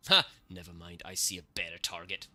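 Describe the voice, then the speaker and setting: A man streaming gameplay, reacting excitably to the match and talking to his chat, cursing at the game. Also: deep voice, brisk, soft background music. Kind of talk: live gameplay commentary.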